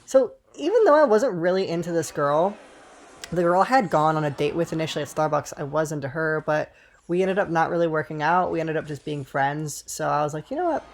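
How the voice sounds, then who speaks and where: A man's voice: a little high, brisk. A man in his twenties telling a rambling, swear-filled story while playing a game, with frequent asides to viewers. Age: 20s. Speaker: gaming storyteller. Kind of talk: casual storytime over gameplay.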